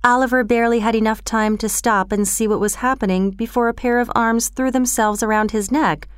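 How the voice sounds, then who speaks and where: Woman calmly reading a kids' storybook, smooth clear voice, dry sound. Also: fairly high pitch, fairly quick, no room sound. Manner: calm, even storytelling. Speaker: narrator. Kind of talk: storybook read-aloud.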